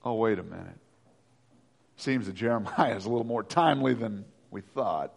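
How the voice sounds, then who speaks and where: A man's voice: on the low side, moderate pace, gravelly. A man preaching a sermon in a conversational way, with joking asides. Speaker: pastor.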